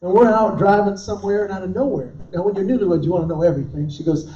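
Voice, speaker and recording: A man's voice: high-pitched, fast talker, mellow. A middle-aged male comedian telling punchy, self-deprecating stories to a live crowd and tossing questions to the audience. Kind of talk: stand-up storytelling. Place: event hall. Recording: roomy, distant, dull live recording.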